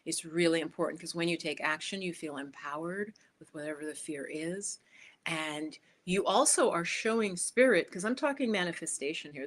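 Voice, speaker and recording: A woman's voice: low-pitched, fairly bright tone. A woman life coach giving a casual, chatty motivational talk, speaking directly to her viewers.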